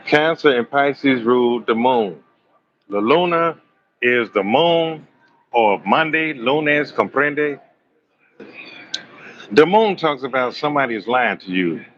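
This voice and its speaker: A man hosting a live astrology stream, telling raunchy comic stories in an animated, slangy way and joking with his chat. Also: medium pitch, takes it slowly, long pauses, highs cut off. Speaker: astrology livestream host. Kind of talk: live tarot reading with raunchy comic storytelling.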